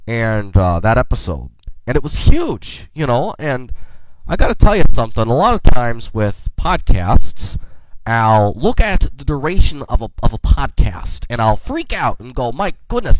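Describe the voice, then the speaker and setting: A male podcast host rambles through a casual solo episode, full of folksy asides and playful space banter. He is a little under the weather. His pitch rises and dips in a lively, animated way, and the sound is close and dry with no room echo. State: a little sick.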